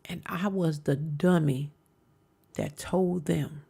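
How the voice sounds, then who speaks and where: A woman hosting a live stream, telling a story with emphasis and sometimes dropping into hushed whispers. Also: low voice, fairly even intonation, slow pace, vocal fry, husky. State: coughing at times. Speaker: stream host reacting to videos. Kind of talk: casual storytelling commentary.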